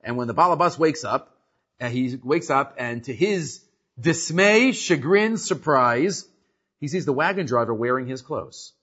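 A man's voice: mid-range voice, unhurried, breathy edge. A man teaching a casual religious class, telling stories animatedly and often restarting his sentences. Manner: animated storyteller with frequent restarts. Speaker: Torah teacher. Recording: muffled lo-fi recording.

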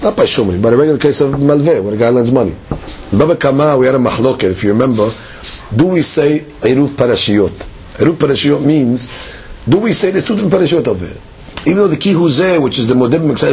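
A man teaching a Talmud class, moving between quick Hebrew text reading and explanation while acting out the claims in a case. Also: fairly high pitch, creaky, breathy edge. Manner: lively, leaps between English and Hebrew text reading, acts out case dialogues.

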